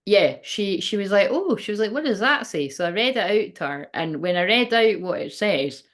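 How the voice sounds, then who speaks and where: A woman's voice: mid-range voice, moderate pace. A woman who works as a spiritual medium, rambling chattily and emotionally on a live stream and laughing often. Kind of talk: casual live-stream chat.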